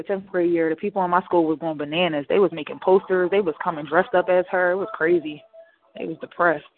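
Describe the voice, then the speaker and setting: Woman radio host, out of breath, chatty and animated, on a tinny phone-quality line. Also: on the low side. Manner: animated, chatty, addresses listeners as y'all. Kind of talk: casual internet radio talk. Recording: tinny phone-like dry sound.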